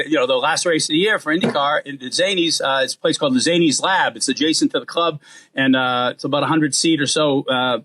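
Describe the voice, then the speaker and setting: Fast-talking Boston comedian man. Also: fairly high pitch. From Boston area. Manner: fast-talking, animated storyteller. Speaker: guest comedian. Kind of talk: storytelling in casual interview.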